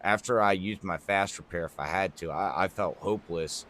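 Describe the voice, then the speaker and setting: A man giving color commentary on a sim racing event, rambling through relaxed analysis. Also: sits low, normal speed, noisy background.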